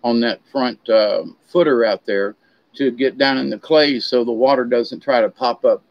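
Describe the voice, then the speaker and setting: A man's voice: medium pitch, fairly even intonation, moderate pace. A middle-aged man from Florida, telling stories in a rambling, chatty way and drifting off on tangents. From Florida, USA. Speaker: vlogger. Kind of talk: rambling casual monologue. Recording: slightly dull, dry recording.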